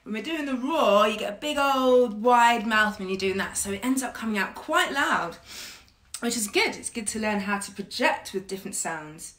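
A woman's voice: on the high side, lively intonation, moderate pace, fairly bright tone. A woman teaching an online singing class, patient and encouraging, laughing often as she guides learners. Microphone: livestream mic. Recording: echoey room, faint keyboard.

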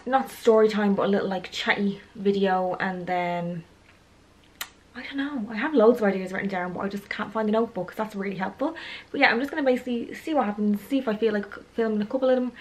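A young woman, chatting casually to camera in a home vlog, rambling a little as she goes. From Ireland. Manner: chatty, rambling, talks to her dog in a high cooing voice. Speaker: vlogger. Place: at home indoors.

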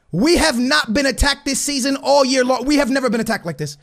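A man commentating his own soccer video game, hyped and shouting at big moments, muttering quietly in between. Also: very high-pitched, fairly quick, creaky. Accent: American. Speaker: gaming YouTuber. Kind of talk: excited gameplay commentary.

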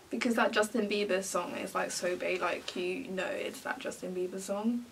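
A woman's voice: medium pitch, fairly even intonation, brisk, creaky, distant mic, a little hiss or hum. A young woman vlogging casually to camera, giggling and bursting into laughter often. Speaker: beauty vlogger.

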